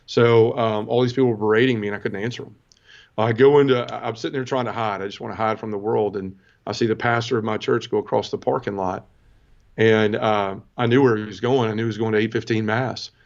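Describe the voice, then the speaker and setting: A man in his forties, a podcast guest, telling his personal conversion story earnestly and emotionally, with many halting restarts. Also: fairly low pitch, fairly even intonation, vocal fry, muffled recording.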